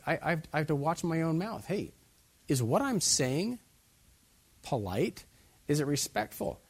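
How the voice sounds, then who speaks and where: A man's voice: on the high side, slightly rough, no room sound. A man preaching a sermon as pastor, putting many direct questions to his listeners.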